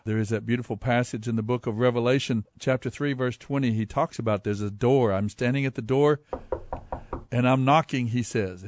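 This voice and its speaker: A man's voice: medium pitch, fairly even intonation, moderate pace, darkish tone, no echo. Male radio preacher, earnest and pleading, dry mic. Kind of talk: sermon.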